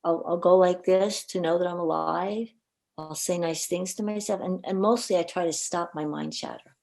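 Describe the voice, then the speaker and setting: At normal speed and with a creaky quality, a warm, low-voiced woman tells earnest stories in a podcast interview. The guest, a coach and minister, is animated and repeats words often.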